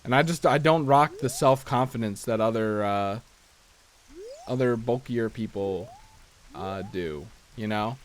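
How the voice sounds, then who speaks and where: A man's voice: medium pitch, unhurried. A man chatting casually while playing a video game, rambling and self-deprecating, often restarting his sentences as he thinks aloud. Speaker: let's play host. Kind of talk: casual gameplay commentary.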